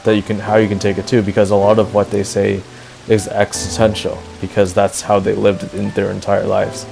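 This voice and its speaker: A man with a low, gravelly voice talks casually and earnestly on a stream, piling up fillers as he rambles. He gets openly sentimental. Soft game music plays faintly behind him. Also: monotone, fairly quick, rough recording. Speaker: streamer touring a game housing build. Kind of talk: casual chat.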